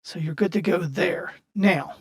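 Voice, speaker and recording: A man's voice: high voice, a little slow. A man running a tabletop game as game master, narrating casually and correcting himself as he thinks aloud.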